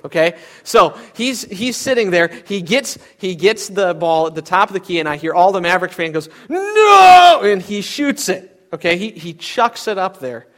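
A man's voice: high voice, moderate pace, few pauses, a bit bright. A young adult man preaching a sermon, telling stories with animation and acting out other people's voices. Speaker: pastor.

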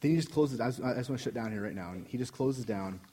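A man's voice: medium pitch, animated, quick pace, mellow, husky. A young man preaching a sermon, telling a personal story earnestly with frequent restarts. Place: church sanctuary.

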